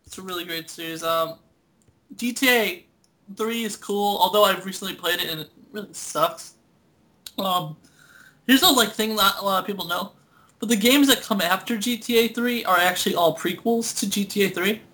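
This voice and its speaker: A man's voice: sits high, normal speed, sharp tone. A young man co-hosting a casual gaming podcast, rambling and laughing as he talks, swearing often. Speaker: podcast co-host. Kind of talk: casual chat.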